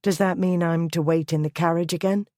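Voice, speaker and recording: A narrator voicing a sharp-witted, impatient young lady who speaks in a brisk, pointed way. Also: medium pitch, fairly even intonation, no echo, studio quality, lightly acted.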